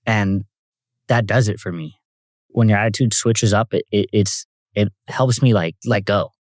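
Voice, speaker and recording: Halting, thoughtful young man, dry mic. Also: lowish voice, no echo. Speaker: podcast guest, host's husband. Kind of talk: casual chat.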